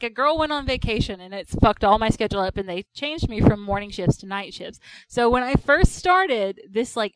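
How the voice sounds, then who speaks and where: A woman co-hosting a podcast in loose, casual chat, her voice sitting a little high. She rambles and giggles, piling on fillers as she tells a story. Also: clear, resonant tone, dry recording, poor audio. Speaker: podcast co-host.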